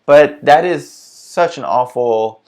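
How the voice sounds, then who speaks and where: Earnest man thinking aloud, mid pitch. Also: slow pace, a little mellow. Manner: earnest, reflective, thinks aloud with many restarts. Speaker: vlog host. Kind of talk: casual self-help monologue.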